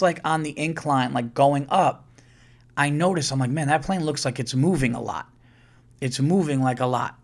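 A man hosting a podcast, telling a story in casual monologue, acting out other people's lines and swearing freely. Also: mid-range voice. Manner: swears freely, repeats words when excited. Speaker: podcast host.

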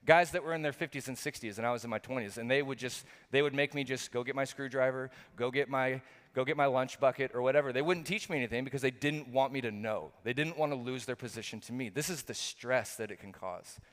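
A man's voice: medium pitch, quick pace, a bit bright. A middle-aged male pastor preaching a sermon, earnest and repetitive, full of rhetorical questions. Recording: long hall reverb.

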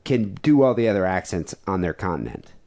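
Man, low voice, animated swings in pitch, teasing, rambling podcast banter. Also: fairly quick. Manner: teasing, rambling and full of fillers. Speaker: podcast co-host. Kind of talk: casual comedy podcast banter.

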